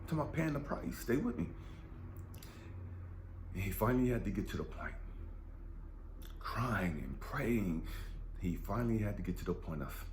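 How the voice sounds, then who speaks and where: A low-voiced man delivers an emotional, confessional spiritual talk. His pitch swings widely, and he sometimes drops to a whisper. The recording sits in an echoey room with faint background noise. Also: expressive, moderate pace, long pauses. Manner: impassioned and confessional, dropping to whispers, with frequent profanity. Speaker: spiritual channel host.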